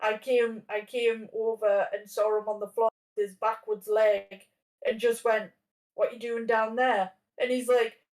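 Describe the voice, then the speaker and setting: A woman's voice: on the high side, level tone, measured pace, darkish tone, recorded from a distance, poor audio. A woman in her thirties telling a long story in casual chat, rambling with lots of fillers and restarts. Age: 30s. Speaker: podcast guest.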